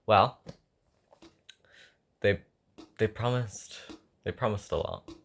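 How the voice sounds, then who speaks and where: Deep-voiced young man with a sore throat. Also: slow, creaky, fairly bright tone, slight background noise. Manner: rambling, self-mocking, thinking aloud. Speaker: songwriter. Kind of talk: casual chat while writing a song. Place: at home.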